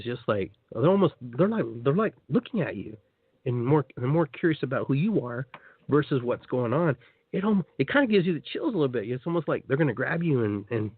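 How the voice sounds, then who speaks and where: A man's voice: mid-range voice, dry recording. A man hosting a live call-in radio show, chatting with enthusiasm and guiding listeners through a meditation, with lots of repeats and restarts. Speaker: radio show host and shamanic guide. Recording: tinny phone-line sound.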